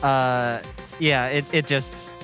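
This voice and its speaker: A woman's voice: extremely low pitch, steady tone, takes it slowly, a bit bright, soft background music. A woman from New Jersey with a New Jersey accent, a guest chatting at length about her gaming run on a charity stream. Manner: chatty, explains at length with fillers. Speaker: guest speedrunner. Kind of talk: casual interview on a charity stream.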